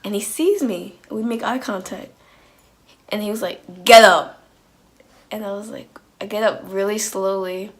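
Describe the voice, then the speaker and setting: A woman telling a personal story on her vlog in an animated, slangy way, full of "like"s and restarts. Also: medium pitch, normal speed. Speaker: vlogger.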